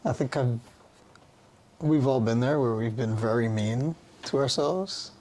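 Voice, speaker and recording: A man speaks in an earnest, musing way as a podcast guest. His phrasing is loose and slangy. His pitch sits in a mid range. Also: a little mellow. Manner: earnest, musing, with easy laughs. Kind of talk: casual reflective conversation.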